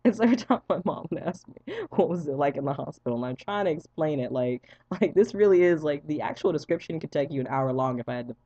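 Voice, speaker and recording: A young man vlogging, telling a story casually to his viewers, animated and profane, laughing often as he goes. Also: on the high side, fast. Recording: dull lo-fi dry sound.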